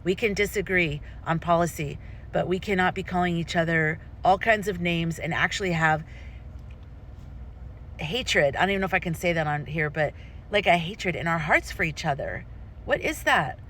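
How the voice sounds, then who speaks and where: A woman's voice: on the low side, normal speed, fairly bright tone, a little hiss or hum. A woman vlogger speaking her opinions with passion, rambling and often restarting her sentences. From United States. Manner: impassioned, rambling with frequent restarts. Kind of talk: personal opinion vlog.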